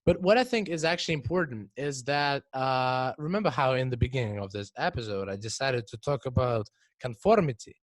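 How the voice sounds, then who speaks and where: This teen podcast co-host sounds animated and a little fast, his medium-pitched voice captured dry. In a casual discussion, he works through ideas with frequent restarts and repeated words.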